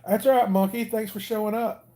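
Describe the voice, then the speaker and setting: A man with a Southern US accent talks in a loose, rambling way as he hosts a casual livestream. His voice sits a little high but stays mellow and soft-edged. He jokes around easily with viewers between their comments. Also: steady tone, a little fast. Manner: rambling, joking, easygoing. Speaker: livestream host.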